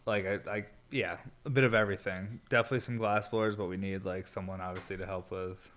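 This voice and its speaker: Stoned, rambling laid-back man, low voice. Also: fairly even intonation, fast talker, fairly bright tone, slight background noise. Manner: rambling and laid-back, heavy filler words, swears freely. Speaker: podcast host and glass blower. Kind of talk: solo podcast casual chat.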